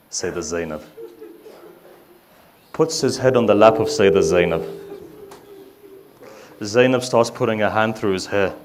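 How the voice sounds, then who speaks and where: A man giving a mourning sermon, reciting slowly and rising to loud grieving cries. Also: on the low side. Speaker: Shia religious speaker.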